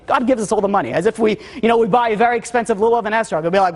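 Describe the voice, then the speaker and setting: A man giving a holiday sermon as a rabbi. He tells a tender story in a hushed voice, then preaches with rising emphasis. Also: high-pitched, very fast, hardly any pauses, big-room sound.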